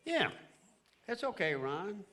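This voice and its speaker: A man's voice: high voice, sing-song, slow pace. A male singer giving loose, joking, rambling stage banter at a live concert.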